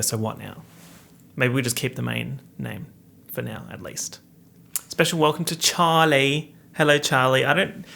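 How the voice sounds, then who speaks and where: A young man chats alone into a studio microphone, hosting his own podcast in a campy, sarcastic style. His voice sits in the middle range but jumps high for jokes. A gravelly, fry-laden texture runs under his words. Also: pushed and bright. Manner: campy, sarcastic, playful with big pitch swings. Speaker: podcast host. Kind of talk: casual solo podcast chat.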